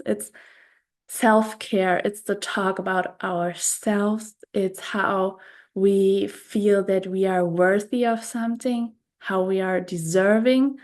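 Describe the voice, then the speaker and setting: Woman, spiritual podcast host, unhurried reflective monologue, level delivery. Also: mid-range voice. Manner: soft, unhurried, repeats words and phrases.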